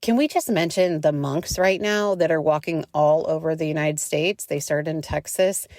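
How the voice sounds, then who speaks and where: A woman's voice: deep voice, moderate pace, darkish tone, dry recording, clean studio sound. A young adult woman hosting a casual spiritual podcast, chatty and swearing freely, with lots of filler words. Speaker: podcast host.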